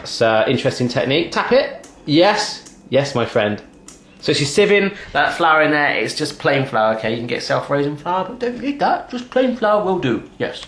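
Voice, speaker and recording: A man's voice: on the high side, sing-song, normal speed, a bit bright, reverberant. A man hosting a casual cooking demonstration in his home kitchen, chatty and teasing as he cooks alongside a child. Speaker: cooking show host.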